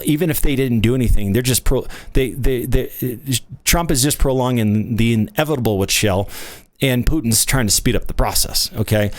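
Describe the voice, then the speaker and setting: A man's voice: mid-range voice, dry recording. A man giving emphatic, unscripted market commentary, full of rhetorical questions and restarts. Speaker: oil investment company presenter.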